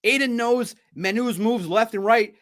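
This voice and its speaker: A man hosting a sports podcast, telling stories in a chatty, animated way. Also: extremely high pitch, unhurried. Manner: animated, chatty storytelling with laughs. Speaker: podcast host. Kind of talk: casual sports recap.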